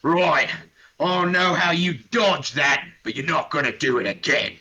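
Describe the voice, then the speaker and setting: A man's voice: on the high side, a little slow, bright, forceful tone. Man doing a brutish gloating orc warrior. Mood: menacing.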